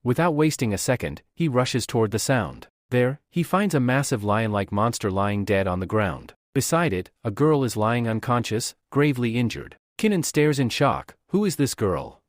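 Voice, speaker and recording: Brief: man narrating a comic story recap, animated and dry. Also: mid-range voice, normal speed, few pauses, no room sound.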